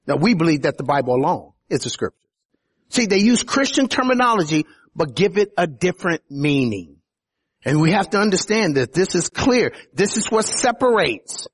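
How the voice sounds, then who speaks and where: A man's voice: high-pitched, fairly bright tone, breathy edge. A man preaching a sermon as pastor, building to emphatic peaks on key phrases.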